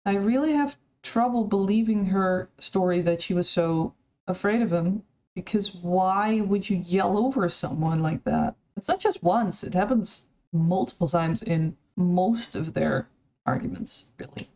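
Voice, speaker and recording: A woman's voice: mid-range voice, measured pace, dark tone, muffled recording. A woman commenting critically on recorded clips in a conversational, somewhat hesitant way. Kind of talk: video commentary.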